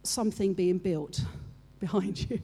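A woman's voice: medium pitch, unhurried, dark tone, husky. A woman preaching a sermon, retelling a story with playful asides to her congregation. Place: church hall with audience. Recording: long reverb of a large hall.

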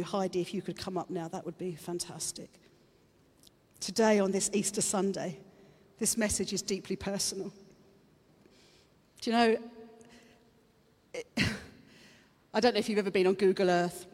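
A middle-aged woman pastor giving an Easter sermon to her congregation, chatty and animated, often leaping into high excited exclamations. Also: measured pace, pauses often, slightly rough. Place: church hall with congregation. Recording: reverberant hall with soft music behind.

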